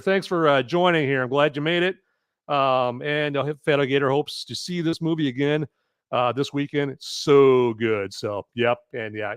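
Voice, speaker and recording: A man hosts a live movie-review stream in a loose, rambling style, tossing in fillers and asking "okay?" again and again. His voice sits at an ordinary middle pitch, recorded close and dry. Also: clean tone, no room sound. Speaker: podcast host reviewing a film live. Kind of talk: casual live-stream recap.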